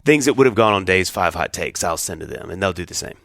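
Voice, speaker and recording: A man co-hosting a podcast, telling stories in a casual chat with an animated delivery and lots of restarts. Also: low-pitched, fast, creaky, no echo, studio quality. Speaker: podcast co-host.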